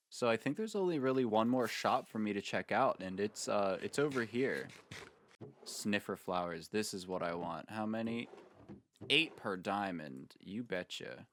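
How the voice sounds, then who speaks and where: A man talks through his gameplay in a slow, unhurried way, with a lowish voice. He rambles and tosses out playful jokes as he goes. The sound is dry and close, with no room echo. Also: animated, a bit bright. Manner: jokey and rambling, with playful asides. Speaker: Minecraft video creator. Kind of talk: casual gameplay commentary.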